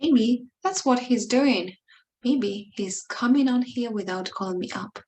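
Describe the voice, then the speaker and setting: A woman teacher giving an expressive, dramatic reading of a short story monologue, pleading and emotional, with small slips and restarts. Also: on the high side, measured pace, poor audio.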